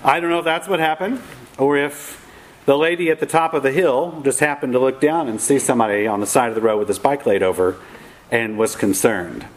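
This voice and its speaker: A man's voice: medium pitch, a little fast, low-quality recording. A middle-aged man telling a funny personal story in a wry, self-mocking way, acting out the voices of the people in it. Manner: wry, self-mocking, animated quoting of others.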